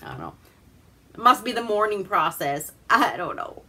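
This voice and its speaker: A woman's voice: medium pitch, huge pitch swings, normal speed, bright, forceful tone, a little hiss or hum. A woman from Alaska hosting a casual movie recap, rambling, swearing and laughing as she goes. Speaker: host.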